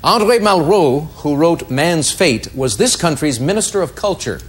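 A man hosting a quiz show, reading out clues crisply and giving brief verdicts. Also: a little high, expressive, moderate pace.

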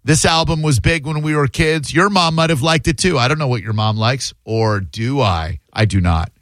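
A man's voice: on the high side, fairly quick, a bit bright, no room sound. A man in his fifties hosting a call-in radio show, teasing and joking with callers and rambling through restarts. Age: 50s. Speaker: radio host. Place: radio studio. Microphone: close studio microphone.

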